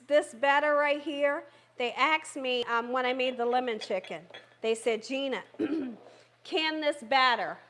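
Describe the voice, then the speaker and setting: A woman's voice: sits high, a bit bright. A woman hosting a live cooking stream from her home kitchen, chatty and encouraging, talking straight to her viewers. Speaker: cooking channel host.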